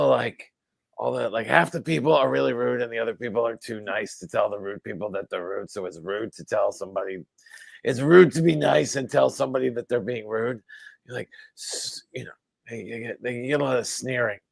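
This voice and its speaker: A middle-aged man from the US East Coast with a gravelly, fry-heavy voice talks in a dry, rambling way and often repeats words. He is a stand-up comedian on a live video chat. His voice is close to the mic with no room sound. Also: mid-range voice, normal speed, dry recording. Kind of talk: casual chat.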